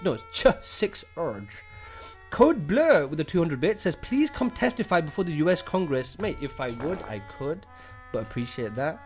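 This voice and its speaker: British man, young, lively swooping pitch, fairly high voice, casual profane stream chat, faint music behind. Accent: British English.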